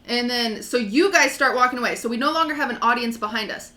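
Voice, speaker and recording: Woman streamer, casual animated storyteller, bright tone, echoey room. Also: fairly high pitch, fast. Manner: animated, acts out quotes.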